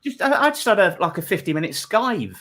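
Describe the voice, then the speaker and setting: Lively, bright-voiced male host. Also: high-pitched, a little fast. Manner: animated, jokey storytelling.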